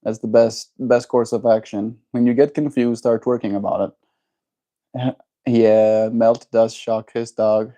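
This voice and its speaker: A man's voice: medium pitch, flat delivery, a little slow, mellow. A man livestreaming, musing in loose casual chat and answering his viewers' messages.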